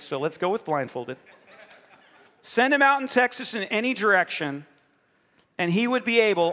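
A man preaching a sermon to his congregation, joking and talking straight to the room. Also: high-pitched. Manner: joking, animated, talks to the congregation. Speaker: pastor. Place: church hall. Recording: live in a reverberant hall.

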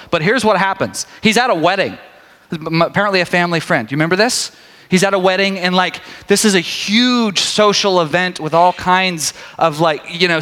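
A man preaching a sermon in a relaxed, conversational way, with joking asides to the congregation. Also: sits high. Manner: conversational, animated, jokey asides. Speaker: pastor. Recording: long hall reverb.

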